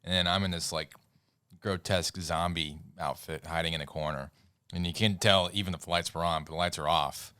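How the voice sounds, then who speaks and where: Deep voiced guy rambling on a podcast, lots of laughing, dry sound. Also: fairly even intonation, fairly quick, bright, forceful tone, smooth, no room sound. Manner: rambling storyteller, laughs often, loses his words. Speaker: podcast co-host. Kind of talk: casual podcast chat.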